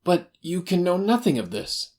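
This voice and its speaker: A man voicing a nervous little hotel attendant caught stealing, in a high, frightened, pleading voice for an audiobook. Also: sing-song, normal speed, darkish tone. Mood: anxious. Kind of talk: audiobook character voice.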